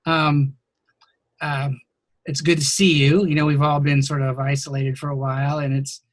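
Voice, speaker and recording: A man hosting a podcast interview over a video call, talking casually with lots of ums and pauses. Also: fairly high pitch, level tone, no echo. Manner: hesitant, many ums, warm thanks. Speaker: podcast host.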